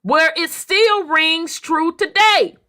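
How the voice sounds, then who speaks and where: Animated high-voiced Southern woman host. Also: slow pace. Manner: animated, slangy, laughing storyteller. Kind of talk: casual group discussion.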